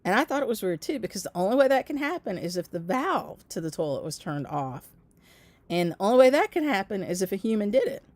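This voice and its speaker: A middle-aged woman, casually telling viewers a long story, with laughing asides and lively quoting of others. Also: mid-range voice, fast, dry recording. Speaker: craft channel host.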